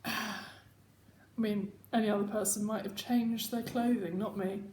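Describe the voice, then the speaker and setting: A woman's voice: mid-range voice, steady tone, measured pace, a little mellow, slight background noise. A woman hosting her own casual video chat, rambling and self-mocking as she talks at home. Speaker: host. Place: home room. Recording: echoey home room.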